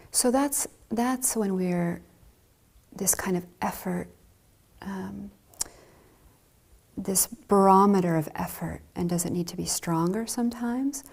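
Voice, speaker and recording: A woman giving a dharma talk as a Zen teacher, speaking softly and gently with light laughs. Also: medium pitch, creaky, breathy edge.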